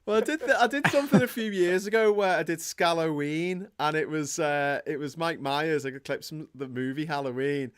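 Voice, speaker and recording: A man's voice: a little high, moderate pace, few pauses, clean tone, no echo, studio quality. A man from England co-hosting a casual chat, joking around. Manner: jokey, puts on silly voices. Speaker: co-host.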